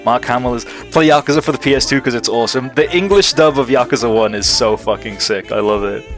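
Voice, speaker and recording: A man's voice: medium pitch, quick pace, faint music behind. A young man streaming live, chatting casually with viewers in a rambling, enthusiastic way and swearing freely. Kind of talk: casual livestream chat answering viewers.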